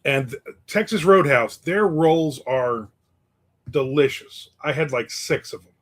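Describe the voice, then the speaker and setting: A man's voice: on the high side, animated, slow pace. A middle-aged man hosting a casual livestream, rambling about his weekend and reading viewer comments aloud. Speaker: livestream host.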